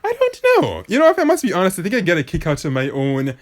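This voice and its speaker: A man's voice: fairly high pitch, huge pitch swings, rapid-fire. A man rambling through a mobile racing game commentary, jokey and prone to wild laughs, talking into the phone he plays on. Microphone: phone mic, device the game is played on. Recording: loud racing game engine noise behind.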